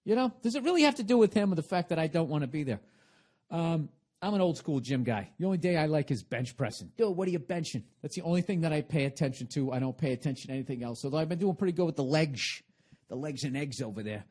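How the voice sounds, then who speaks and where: A middle-aged man hosting a comedic podcast monologue, ranting profanely and swinging between loud and quiet. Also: fairly high pitch, lively intonation, quick pace. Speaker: podcast host.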